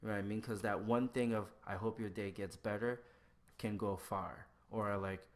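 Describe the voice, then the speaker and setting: A man in casual conversation who acts out both sides of everyday exchanges with lively shifts in his voice. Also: lowish voice, normal speed. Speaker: podcast guest. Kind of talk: casual chat.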